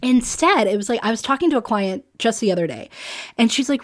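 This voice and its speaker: A woman's voice: fairly high pitch, expressive, brisk. A woman hosting a solo business podcast, chatty and emphatic, often laughing and acting out what others say. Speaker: podcast host and business coach.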